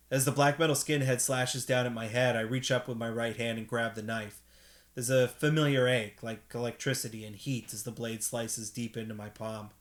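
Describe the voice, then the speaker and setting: A man reading a novel aloud at bedtime in a steady first-person narration, with an occasional slip. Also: medium pitch. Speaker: reader, host.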